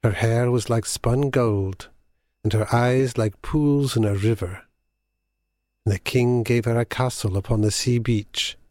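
A man reading a fable aloud as a scripted narration, measured and solemn. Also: medium pitch, a little mellow, dry recording, clean studio sound.

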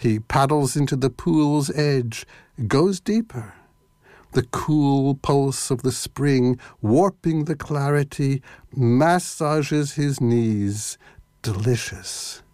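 A man narrating a myth in a slow, deliberate reading that lingers on the words. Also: medium pitch, a little mellow, no room sound, studio quality.

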